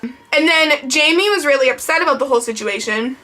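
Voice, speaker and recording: Bright high-voiced young woman. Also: lively intonation, a little fast. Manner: rambling, heavy use of "like". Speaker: vlogger. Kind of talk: casual storytime vlog.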